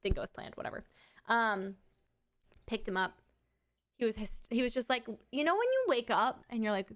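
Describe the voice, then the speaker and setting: A woman's voice: a little high, lively intonation, moderate pace, pauses often. A woman live streamer in a casual, rambling chat who swears freely.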